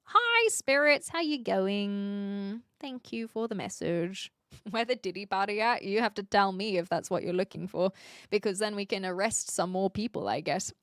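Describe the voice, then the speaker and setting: A woman's voice: mid-range voice, moderate pace, no room sound, clean studio sound. A woman streamer with a mixed Australian and British accent, chatting casually as she reads out and answers her chat. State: sleepy.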